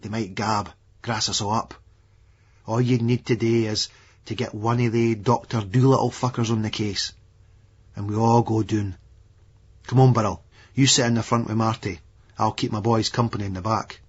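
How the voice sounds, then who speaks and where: A man's voice: lowish voice, fairly even intonation, normal speed, long pauses, husky. A man voicing a menacing, unhinged Edinburgh hard man in an audiobook, sneering and coarse in his taunts. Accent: Scottish, Edinburgh. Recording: dull lo-fi audiobook recording.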